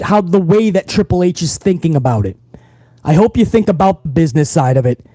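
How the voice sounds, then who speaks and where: A man's voice: a little high, mellow, no echo. A man hosting a wrestling livestream, talking casually and profanely straight to his viewers.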